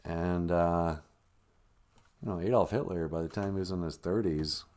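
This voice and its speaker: A man's voice: sits low, steady tone, moderate pace, darkish tone. Rambling male live-stream host. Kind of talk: comedic live-stream chat.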